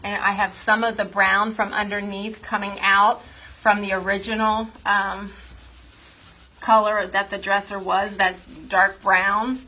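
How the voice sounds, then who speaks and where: Bright-voiced woman demonstrating furniture refinishing. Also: medium pitch, flat delivery, measured pace, poor audio. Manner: chatty, explains as she works. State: out of breath from buffing. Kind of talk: casual how-to demonstration. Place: furniture workshop.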